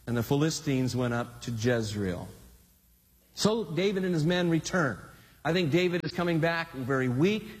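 Animated male preacher in a reverberant hall. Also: fairly high pitch, normal speed. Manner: animated, conversational preaching with dramatic swings. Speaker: pastor. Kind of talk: sermon.

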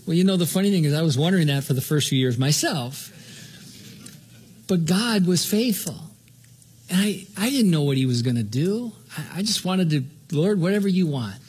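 A man's voice: on the high side, animated, moderate pace, darkish tone, breathy edge. An older man from Southern California preaching a sermon as pastor, in an earnest, conversational way that often stops and restarts mid-sentence.

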